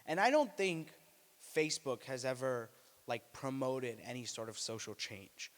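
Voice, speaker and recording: A young man performing a stand-up comedy set at an open mic, deadpan, breaking into loud high put-on voices. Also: unhurried. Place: small student venue. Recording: live room with long reverb.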